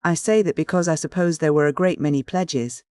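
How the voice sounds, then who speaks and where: Jittery young man, forced calm, strained, defensive, higher voice, dry recording, read by a man. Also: clean tone, no room sound, natural voice. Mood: anxious. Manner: strained, feigning calm, hurried. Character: tense young male student, nervous, defensive.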